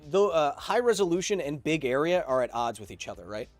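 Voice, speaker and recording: Lively, joking male science host. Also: a little high, fairly quick, soft background music. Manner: explains science, reads chat aloud, jokey. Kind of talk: casual livestream chat.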